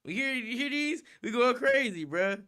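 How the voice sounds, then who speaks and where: A man's voice: very high-pitched, animated, normal speed, noisy background. A young man hosting a livestream in casual, slangy, profane chat, hyped up and laughing often. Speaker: livestream host.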